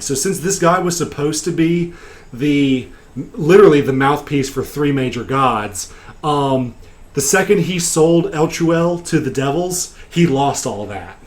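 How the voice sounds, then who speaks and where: A man recapping a tabletop game session as its game master, telling the story casually with frequent pauses and fillers. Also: fairly high pitch.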